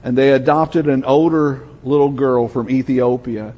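Older Southern male pastor, husky, storytelling sermon, long church reverb. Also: medium pitch, steady tone, unhurried, highs cut off. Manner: storytelling, drops to a soft hush for emotional moments.

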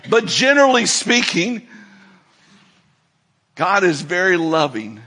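Male preacher, husky and bright, dynamic sermon delivery with big swings in volume. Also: high voice, lively intonation, a little slow. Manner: dynamic preacher, swinging from soft asides to loud emphatic declarations. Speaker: pastor.

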